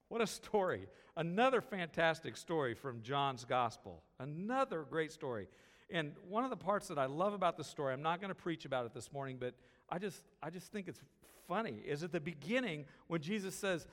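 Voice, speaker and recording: A fairly high-voiced man delivers a sermon, first reading the scripture and then talking it through in an easygoing, joking manner. His voice rings out with the long echo of a big church hall. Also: expressive, moderate pace. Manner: reads scripture, then preaches conversationally with asides and humor. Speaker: pastor.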